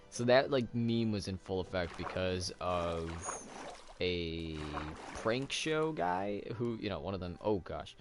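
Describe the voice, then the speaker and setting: Low-voiced guy rambling through a let's play, lots of ums and laughs, faint music behind. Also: lively intonation, slow, creaky. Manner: rambling, many fillers, laughs often. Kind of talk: casual gameplay commentary.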